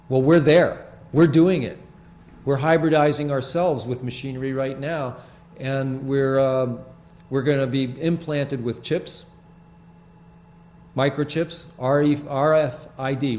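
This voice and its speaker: A man hosting a public access TV show from a studio, talking casually over his photos in a rambling, halting way with many restarts. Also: mid-range voice, fairly even intonation, a little mellow.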